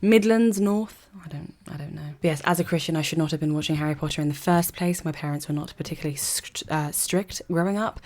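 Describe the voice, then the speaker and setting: A young woman with a slightly low voice talks straight to camera in a personal commentary video. Her delivery is earnest and conversational. She often throws rhetorical questions at her viewers. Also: brisk, hardly any pauses, a little mellow. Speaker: vlogger. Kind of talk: opinion commentary monologue.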